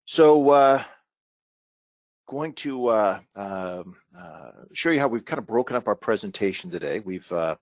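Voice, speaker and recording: A man presenting a webinar as a product manager, speaking haltingly with many fillers. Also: lowish voice, lively intonation, no room sound, muffled recording.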